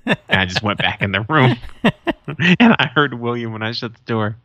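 Animated, profane man telling stories. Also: mid-range voice, moderate pace, no echo. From Arizona. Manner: profane, animated storyteller acting out quotes. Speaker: podcast co-host. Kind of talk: casual chat.

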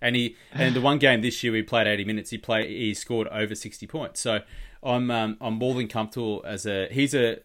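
A man's voice: on the low side, fairly even intonation, a little fast, fairly bright tone. A man hosting a casual fantasy sports podcast, rambling and teasing his co-host. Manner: rambling, restarts, swears and teases.

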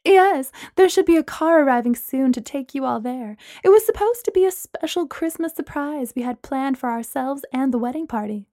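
A woman's voice: sits high, expressive, moderate pace, few pauses, warm tone, no echo, clean studio sound. A woman voicing a bossy, commanding mother speaking over a phone in a storybook reading. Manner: commanding, fussy.

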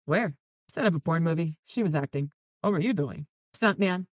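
With a fairly low, animated voice and a moderate pace, a woman recaps a novel for her podcast in a casual way. She reads quotes from the book using light voices and adds chatty asides, and there's no echo.

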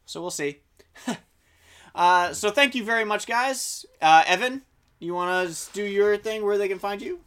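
Bright upbeat young man podcast host. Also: high voice, normal speed, clear, resonant tone. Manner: upbeat, chatty, laughs often. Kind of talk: casual chat.

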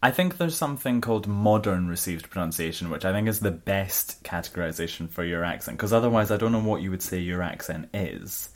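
A Scottish woman with an unusually low, deep voice, co-hosting a podcast. She teases playfully and giggles, and her tone is easygoing. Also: animated, brisk, few pauses. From Scotland. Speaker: podcast co-host. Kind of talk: casual chat.

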